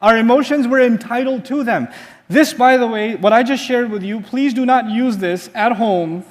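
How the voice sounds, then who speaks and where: A man's voice: very high-pitched, moderate pace. A man giving a sermon-style lecture as an Islamic teacher, telling a story with animation and putting rhetorical questions to his audience.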